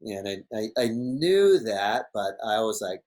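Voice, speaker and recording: A man's voice: lowish voice, a little slow. Laughing man telling stories. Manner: animated, laughs often, acts out quotes. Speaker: podcast guest, big wave surfer. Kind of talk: casual storytelling interview.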